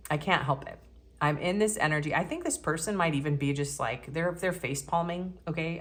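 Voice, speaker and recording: A woman with a notably deep voice talks through a casual tarot reading. She keeps it chatty and cheeky and laughs easily as she speaks. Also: a bit bright. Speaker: tarot reader.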